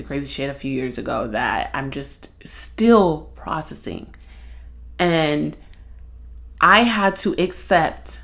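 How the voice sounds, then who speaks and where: A young woman hosting a podcast, talking in a blunt, profane, animated monologue. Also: fairly low pitch. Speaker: podcast host. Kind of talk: casual monologue.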